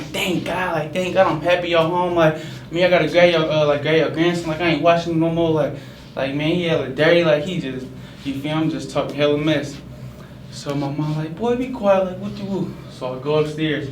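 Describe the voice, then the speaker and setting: A young man spins a casual, slangy story about his own morning, leaning on "like" and jumping up when he quotes himself. His fairly high voice sits back from the mic in an echoey room with clear background noise. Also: distant mic. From San Francisco Bay Area. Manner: casual slangy retelling, many fillers of "like", animated when quoting himself. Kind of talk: personal spoken storytelling.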